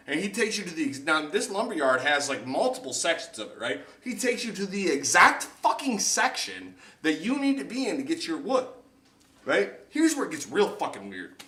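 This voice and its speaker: A young man hosts a podcast in an echoey room, his fairly high voice a little fast and slightly off-mic from a distance. He's an animated storyteller spinning a long, profane tale and acting out other people's lines along the way in casual chat.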